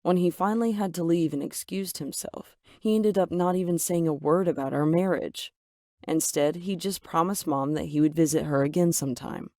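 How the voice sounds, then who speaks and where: A woman narrating a first-person story with dramatic, expressive delivery. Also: lowish voice, normal speed, no room sound, studio quality.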